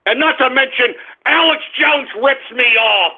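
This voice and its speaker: Shouting high-voiced male radio host. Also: unhurried, vocal fry, few pauses. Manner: exasperated, shouting and swearing. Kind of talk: ranting call-in radio talk. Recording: lo-fi phone-like audio.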